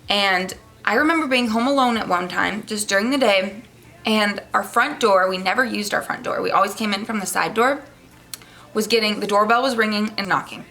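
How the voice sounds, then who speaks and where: A woman's voice: medium pitch, gravelly. A young woman vlogger casually telling a rambling story to her viewers, with lots of fillers. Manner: animated, rambling, with many fillers.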